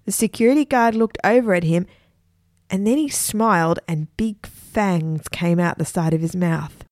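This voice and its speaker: A woman narrating a children's storybook with lively, expressive delivery. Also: on the low side, normal speed, no room sound, studio quality. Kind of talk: storybook reading.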